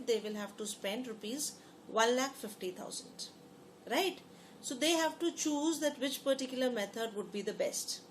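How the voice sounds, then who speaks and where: A woman gives a lecture to her class in a slightly high voice. She repeats key phrases and keeps asking the students questions. A faint hiss sits under the recording. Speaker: teacher.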